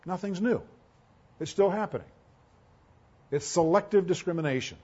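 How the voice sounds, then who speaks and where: A man preaching a sermon as a pastor, emphatic, with rhetorical questions and a delivery that swings between loud and soft. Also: high-pitched, lively intonation, moderate pace, husky, dull audio.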